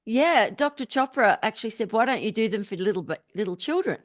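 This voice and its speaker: A middle-aged woman who is a musician and spiritual teacher appears as a podcast guest, telling stories in an upbeat casual interview and laughing often. Her medium-pitched voice is animated and a little fast.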